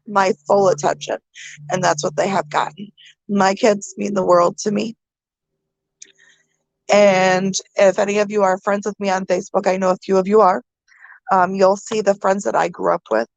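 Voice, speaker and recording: A woman vlogger from the American Midwest, talking to her viewers through tears, halting with many pauses and fillers. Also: medium pitch, flat delivery, creaky, no echo. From Minnesota. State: crying. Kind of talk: emotional vlog talk to viewers.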